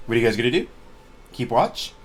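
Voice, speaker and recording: A man's voice: medium pitch, big pitch swings, a little fast, husky. A man running a tabletop game over a voice call, narrating casually with lots of filler words. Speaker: game master. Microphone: computer mic on a voice call.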